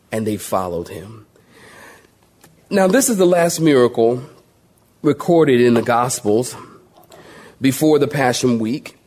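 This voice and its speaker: Animated, husky-voiced man preaching. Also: mid-range voice. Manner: animated storytelling, acts out voices. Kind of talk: sermon.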